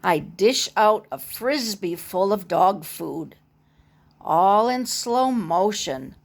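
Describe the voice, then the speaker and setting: A woman reading a picture book aloud in a gentle way, adding her own comments. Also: medium pitch, expressive, takes it slowly. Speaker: storybook reader.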